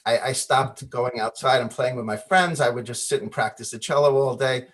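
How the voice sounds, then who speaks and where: A man on a video call spins an anecdote with lively energy, slipping into other voices as he retells old conversations. His pitch sits in an ordinary middle range. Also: normal speed. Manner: animated storyteller, acts out quoted voices, laughs often. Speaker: guest musician. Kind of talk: storytelling in a video call interview.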